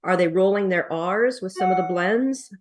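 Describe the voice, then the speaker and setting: Woman, coach, lowish voice, casual teaching tone with plenty of ums and questions. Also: moderate pace, faint music behind. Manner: explanatory, with frequent fillers and rhetorical questions. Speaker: accent coach teaching presenters. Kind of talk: casual online lesson.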